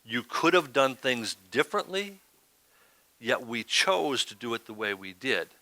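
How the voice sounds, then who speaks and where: A man's voice: medium pitch, sing-song, unhurried, pushed and bright, no room sound. A man preaching a sermon as pastor, talking in a conversational way and often asking "right?".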